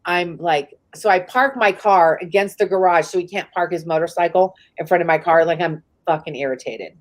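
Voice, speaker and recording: Brisk and on the low side vocally, a woman from the San Francisco Bay Area relates a personal story during a live interview where she's a guest. She keeps it casual and candid, saying "like" a lot and swearing freely.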